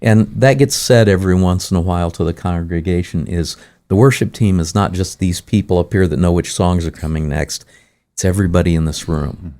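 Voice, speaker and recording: Really deep mellow guy, worship leader, explaining stuff thoughtfully. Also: brisk. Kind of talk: casual faith chat.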